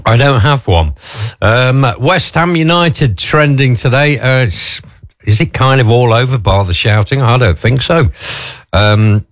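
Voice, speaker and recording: A man hosting morning radio, talking in a loose, chatty way and often answering his own questions. His voice sits on the low side, and the sound is close and dry with no room echo. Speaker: radio breakfast show host.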